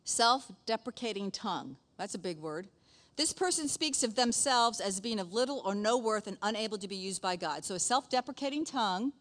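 A woman's voice: medium pitch, lively intonation, moderate pace, a bit bright. A middle-aged woman teaching a conversational Bible lesson in a chatty way, often checking in with her listeners.

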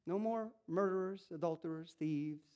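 A male pastor preaching a sermon in an animated, emphatic way, repeating phrases and asking rhetorical questions. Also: high voice, normal speed.

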